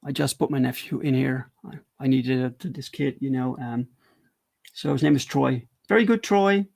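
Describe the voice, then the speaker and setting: A man casually walking viewers through his own comic on a livestream, halting and repeating words, enthusiastic about the artwork. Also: mid-range voice, creaky, a little mellow. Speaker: comic creator streaming.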